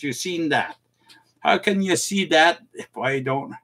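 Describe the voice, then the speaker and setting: A man's voice: fairly high pitch, measured pace, a bit bright. A middle-aged man hosts a casual live stream from his home computer, chatting folksily with viewers, mocking himself and chuckling often.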